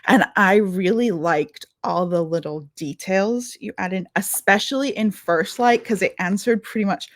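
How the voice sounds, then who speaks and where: A woman's voice: medium pitch, moderate pace, no echo, clean studio sound. A woman with a Scottish accent, chatting enthusiastically as a podcast co-host and asking an author questions. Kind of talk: casual chat.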